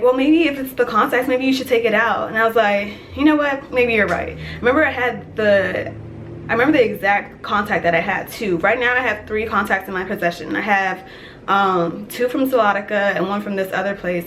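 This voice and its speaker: A young woman telling a dream story in casual vlog style, animated and chatty, with many "like" fillers. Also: mid-range voice, moderate pace, a little hiss or hum. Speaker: vlogger.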